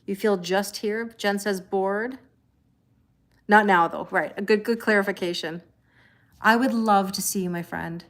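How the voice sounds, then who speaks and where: At home on a casual tarot livestream, this middle-aged woman greets viewers by name, chats, and laughs often. Her mid-range voice moves at an unhurried pace.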